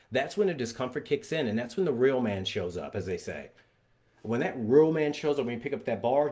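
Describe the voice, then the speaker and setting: A man, a father, giving an energetic and emphatic motivational talk about fitness and getting unstuck. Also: medium pitch. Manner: energetic, emphatic, acts out scenes in voices.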